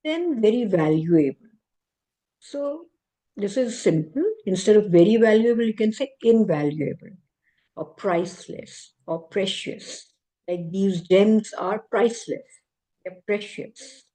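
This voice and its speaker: Slow-paced woman teaching vocabulary. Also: medium pitch, lively intonation, dark tone, poor audio. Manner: slow, deliberate listing of word examples. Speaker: English exam tutor. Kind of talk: vocabulary lesson.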